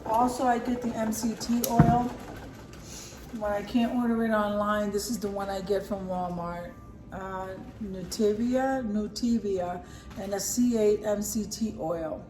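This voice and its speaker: A middle-aged woman's medium-pitched, fairly even voice moves at a measured pace as she chats through a grocery haul vlog at home, sometimes talking while eating. Recorded in an echoey room with the mic far off, the clip has clear background noise.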